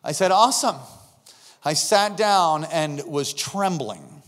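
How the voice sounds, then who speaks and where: A man preaching a sermon, telling a personal story and acting out the dialogue, swinging from shouts to hushed tones. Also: a little high, animated, takes it slowly, long reverb tail.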